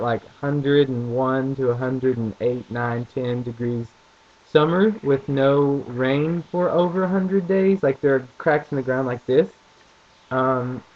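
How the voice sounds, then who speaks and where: A young man with a mild Southern accent, chatting casually and jokingly in a vlog, in a dull lo-fi recording. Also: medium pitch. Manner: rambling, joking, a bit crude.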